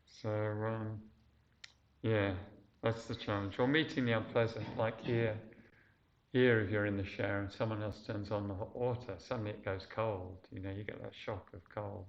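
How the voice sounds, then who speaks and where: A man giving a casual Buddhist lecture, speaking haltingly with many fillers and restarts. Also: fairly low pitch, fairly even intonation, vocal fry, a little hiss or hum. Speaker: dharma teacher. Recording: dull lo-fi lecture recording.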